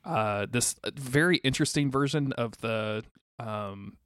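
This podcast co-host recaps a TV episode in loose, wandering conversation full of filler words. His mid-range voice is a bit slow, fairly bright, clear, and resonant. The studio sound is clean with no room echo.

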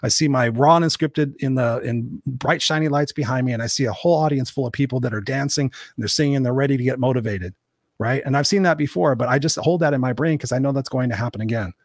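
A man hosting his own podcast, giving an energetic motivational solo talk in a coaching manner, casually swearing and acting out the voices of people he quotes. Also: mid-range voice, fast talker, dry recording, studio quality. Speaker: podcast host.

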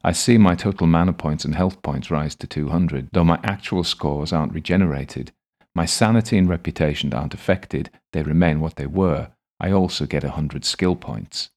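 A man calmly narrating a first-person audiobook story in a measured way. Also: very deep voice.

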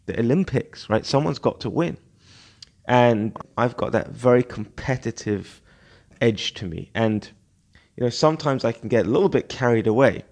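A man hosting a solo podcast, talking in a casual, animated, rambling way with many fillers and restarts. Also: medium pitch, moderate pace, vocal fry. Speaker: podcast host.

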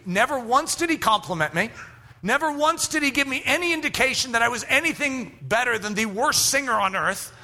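A man telling a personal story in a sermon, animated and acting out both sides of remembered conversations. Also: high-pitched, slight background noise.

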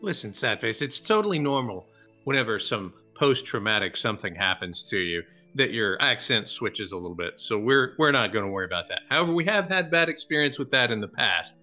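Bright-voiced playful man at a tabletop game. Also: very animated, fairly quick, faint music behind. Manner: pitching like a salesman, playful. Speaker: player.

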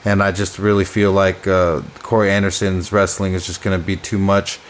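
A man co-hosting a casual podcast speaks in a low voice. His pitch barely moves, yet he sounds eager as he backs his pick. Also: level tone, normal speed, slight background noise. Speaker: podcast co-host.

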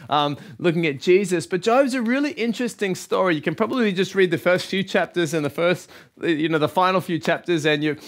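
A man preaching an encouraging recorded sermon as a pastor, talking straight to the viewers in an upbeat way. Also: high-pitched.

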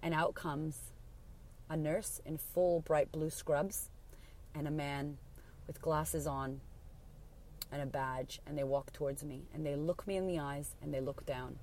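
A woman in her thirties with a low, mellow voice tells a personal story on her podcast. Her delivery is raw and emotional, peppered with swearing. A faint hiss of noise sits under the recording. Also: fairly even intonation, a little slow. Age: 30s. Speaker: podcast host.

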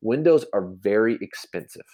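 A man's voice: on the low side, expressive, moderate pace, dark tone. A man explaining real estate in a casual podcast chat, rambling with many restarts and fillers. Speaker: real estate agent guest.

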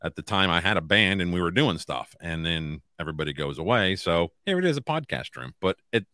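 A man's voice: low voice, sing-song, brisk, sharp tone, no room sound, studio quality. A middle-aged man hosting a podcast from a room at his home, talking bluntly and swearing freely. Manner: blunt and profane, plainspoken. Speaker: podcast host. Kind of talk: casual podcast chat.

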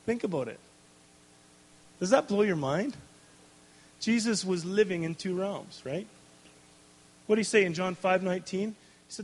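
This high-voiced man delivers a storytelling sermon at normal speed with long pauses, to a live audience in a large hall with long reverb. He's animated, laughs often and restarts his sentences.

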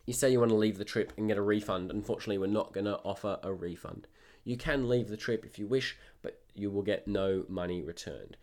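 A man's voice: fairly low pitch, brisk, a little mellow, natural voice. No-nonsense office worker, blunt and clipped, done by a man in his own voice. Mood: firm. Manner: firm, clipped, matter-of-fact. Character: blunt, businesslike office staffer on a phone.

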